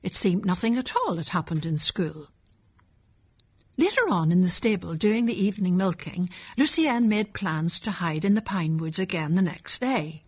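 A woman narrating a children's storybook in a calm, measured reading. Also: on the low side, breathy edge.

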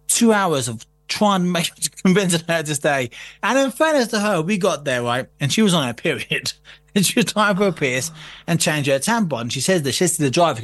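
Telling a long, sweary anecdote as a podcast guest, this man laughs often in the casual chat. His fairly high voice is a bit bright, very animated and brisk.

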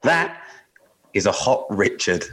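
A man's voice: lowish voice, sing-song, slow, fairly bright tone. A man co-hosting a podcast in casual banter, cheeky and self-mocking, swearing and laughing often. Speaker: podcast co-host.

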